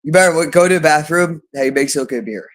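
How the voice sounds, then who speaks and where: A man's voice: a little high, fast. A man with a slightly raised voice who speaks off the cuff on a livestream. He swears constantly and loops the same words in long, insistent runs. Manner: repeats phrases over and over, heavy swearing. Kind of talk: unscripted livestream monologue.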